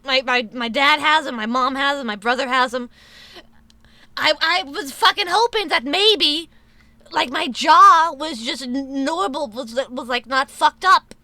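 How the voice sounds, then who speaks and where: Casting: woman streamer, high bright voice, dry close sound, profane rambling chat. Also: no room sound. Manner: profane, rambling, many restarts. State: sore tooth. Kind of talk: casual live-stream chat.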